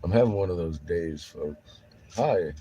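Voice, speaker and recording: A tired vlogger on the road swears and grumbles through a casual monologue while driving, speaking from inside his vehicle. His voice is low-pitched, expressive and unhurried, with background noise behind it.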